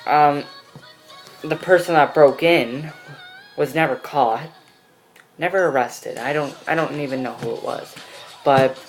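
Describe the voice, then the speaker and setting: A man's voice: fairly high pitch, unhurried, pauses often, soft background music, low-quality recording. A teenage boy telling a personal story in a casual vlog, rambling with many fillers. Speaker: vlogger.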